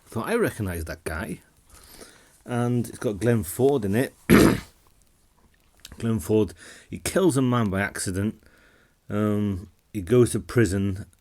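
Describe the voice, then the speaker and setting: A man with a fairly low voice gives a casual film review vlog. He talks to camera in a relaxed, rambling way. He often repeats words and restarts sentences as he goes.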